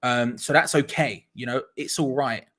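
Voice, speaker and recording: Excitable young fan commentating live. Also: male voice, mid-range voice, normal speed. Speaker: watch-along host. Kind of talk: live match watch-along commentary.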